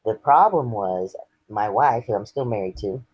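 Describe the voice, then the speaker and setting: A man's voice: on the low side, lively intonation, normal speed, darkish tone, slightly rough, no echo, lo-fi sound. A man, earnestly sharing his personal story as an interview guest. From Texas. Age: 50s. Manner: earnest, candid and reflective.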